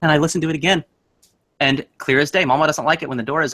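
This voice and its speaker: A man's voice: a little high, racing. A young man casually telling a spooky story, acting out the voices in it. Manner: animated, acts out voices in his story.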